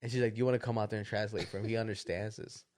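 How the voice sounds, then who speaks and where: A podcast co-host with a fairly low voice rapidly retells a story in an animated, casual way. He acts out the quotes and laughs often.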